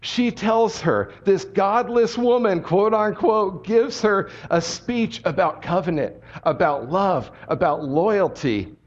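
A man with a high voice preaches with lively, direct storytelling, talking to the room like a friend. The sound is dull and muffled, as if from a low-fidelity recording. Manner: animated storytelling, conversational and direct. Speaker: pastor. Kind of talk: sermon.

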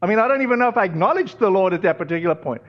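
A man's voice: high-pitched, animated, rapid-fire, lo-fi sound. A man, a pastor, giving a conversational sermon, telling personal stories with frequent fillers. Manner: conversational, storytelling with many fillers.

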